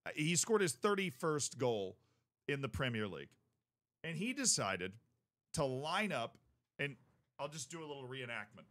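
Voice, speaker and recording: A man with a mid-range voice gives casual, rambling sports commentary. He tells it like a story, cracks jokes along the way and gets more and more worked up and animated. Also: mid-range voice, moderate pace, pauses often. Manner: animated, joking storyteller who works himself up.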